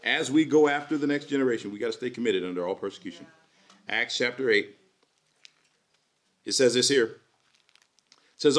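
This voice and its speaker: Male pastor, energetic jokey sermon, bright and forceful voice. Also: medium pitch, brisk, long pauses. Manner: lively, jokey preaching with playful put-on voices. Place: church service with congregation responding.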